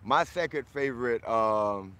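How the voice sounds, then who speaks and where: A man's voice: mid-range voice, lively intonation, unhurried, fairly bright tone, clear, resonant tone. A man from Florida hosting a casual livestream, boisterous and friendly, greeting viewers by name as he answers their comments.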